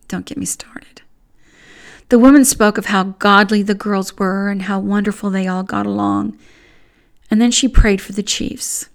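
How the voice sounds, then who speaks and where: A woman's voice: mid-range voice, gravelly. A woman hosting a Christian commentary podcast, speaking in an earnest, pointed, conversational way. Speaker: podcast host.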